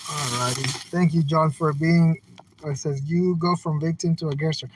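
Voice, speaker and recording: A man with a fairly high-pitched voice, talking casually to his livestream viewers from a car. He rambles and repeats himself in an earnest, folksy, slangy way. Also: fairly even intonation, moderate pace, slight background noise, rough recording. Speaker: live streamer. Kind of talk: casual livestream chat, reading out viewer comments. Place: in a car while driving.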